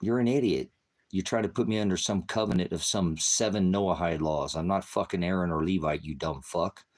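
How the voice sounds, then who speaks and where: A man with a very low voice delivers an angry, profane livestream rant as a preacher. He curses and insults constantly and speaks straight at a commenter, and his deep tone stays confrontational throughout. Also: fairly quick, a little mellow. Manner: heavy cursing, insulting and berating. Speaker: online preacher.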